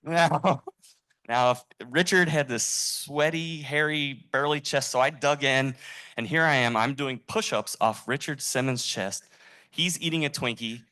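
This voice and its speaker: Bright-voiced man telling a lively story. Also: mid-range voice, normal speed, clear, resonant tone. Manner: animated storyteller, laughs through lines. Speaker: event attendee sharing a memory. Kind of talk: storytelling tribute speech.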